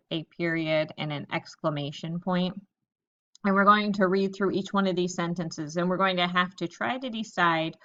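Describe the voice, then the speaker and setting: A woman teacher giving a recorded lesson to young children, reading example sentences slowly and thinking aloud about each one. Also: on the low side, fairly bright tone, highs cut off.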